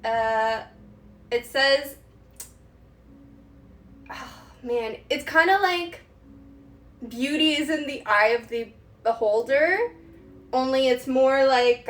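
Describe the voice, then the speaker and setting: Giggly high-voiced woman streaming from her kitchen. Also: takes it slowly, long pauses, a bit bright, distant mic. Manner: giggly, rambling, lots of fillers. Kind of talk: casual chat while cooking. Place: home kitchen. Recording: roomy sound from away from the mic, faint background noise.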